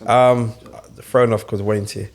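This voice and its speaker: A man's voice: on the low side, flat delivery, slow. A man on a podcast panel who tries to steer the talk back to the topic.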